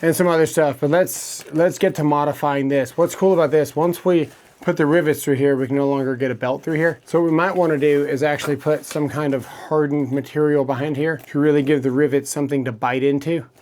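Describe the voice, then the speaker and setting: A man's voice: on the high side, steady tone, fairly quick, a little mellow, a little hiss or hum. A man casually showing his work pouch and tools, talking as he works and a little out of breath. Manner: casual, talks while working with hands. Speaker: electrician tool reviewer. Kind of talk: casual tool demo. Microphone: small wireless clip mic.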